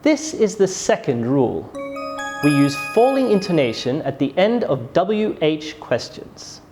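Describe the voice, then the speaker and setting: Heard over music, a mid-range, sing-song voice leads an unhurried scripted English lesson. The pronunciation teacher models sentences with carefully exaggerated intonation, rising and falling.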